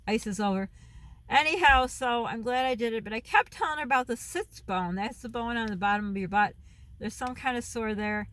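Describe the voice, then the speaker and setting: A woman's voice: fairly high pitch, brisk, a bit bright, no echo. A middle-aged woman chatting to her phone camera, rambling and losing her thread, laughing often as she talks. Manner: rambling, loses her thread and veers off topic. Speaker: vlogger and mom. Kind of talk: casual chat to camera.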